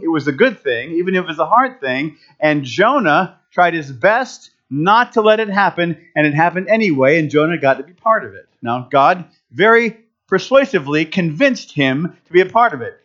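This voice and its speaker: A man preaching a casual, humorous sermon, often restarting his phrases. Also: on the high side. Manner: animated, humorous, self-interrupting. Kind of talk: conversational sermon. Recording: dull lo-fi recording.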